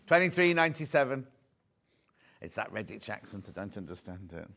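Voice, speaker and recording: A man's voice: medium pitch, animated, normal speed, a bit bright. A man presenting a live shopping channel show from a studio, chatty and jokey, selling fabrics and reading out viewer messages. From United Kingdom.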